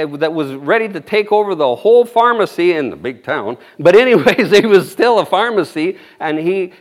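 A man preaching an informal sermon, rambling and folksy, with frequent amens and chuckles. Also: sits high.

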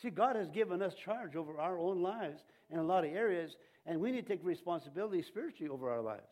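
A male pastor delivering a sermon in a rambling, halting style, often restarting his sentences. His voice sits a little on the high side. He chuckles now and then between points. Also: lively intonation, darkish tone.

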